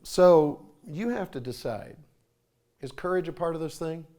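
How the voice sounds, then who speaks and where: A middle-aged man with a drawl delivers a sermon in a church. His voice sits a little high for a man, and he talks in a folksy way, slipping into voices for his stories. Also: lively intonation, unhurried, a little mellow. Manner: folksy, acts out voices in anecdotes. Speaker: conference speaker. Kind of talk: sermon with storytelling. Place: church sanctuary.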